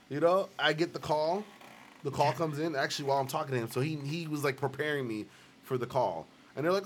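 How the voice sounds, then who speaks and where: A man's voice: fairly high pitch, a little fast, slight background noise. A man hosting a casual podcast chat, telling a story with lots of laughter and acting out the quoted people. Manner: animated storyteller, acts out quoted voices, laughs often. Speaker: host. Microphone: live stream recording.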